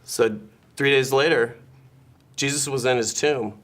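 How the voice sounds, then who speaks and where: Deadpan man co-hosting a comedy show. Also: medium pitch, a little slow, pauses often. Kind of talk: comedic chat, mock-solemn storytelling.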